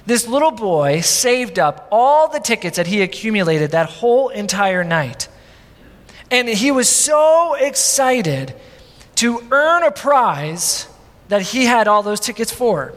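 A male pastor with a high-pitched voice preaches slowly in a large hall. His sermon is animated and conversational, told like a story, and he acts out the quotes of the people in it.

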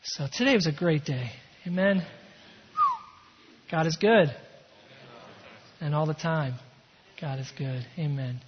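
Male pastor, high husky voice, emphatic sermon delivery, echoing church hall, dull sound. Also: takes it slowly, pauses often. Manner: emphatic preaching with shifts between energy and hushed calm. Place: church sanctuary.

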